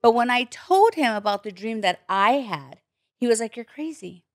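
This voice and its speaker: Animated, swearing woman telling a story. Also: on the high side, moderate pace, no echo, studio quality. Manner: animated, acts out quoted voices, swears freely. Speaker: podcast guest. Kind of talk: candid storytelling chat.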